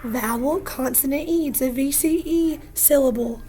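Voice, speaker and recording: A woman teacher giving a phonics lesson, patient and encouraging, repeating each word slowly for young students. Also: high-pitched, mellow. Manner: slow, patient, encouraging, repeats words aloud.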